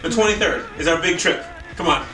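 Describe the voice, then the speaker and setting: A man's voice: sits high, expressive, fairly quick, pushed and bright. An actor playing a man in an argument with his partner, defensive and sarcastic. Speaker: actor in a music video skit. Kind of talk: improvised couple argument. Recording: echoey room, distant mic.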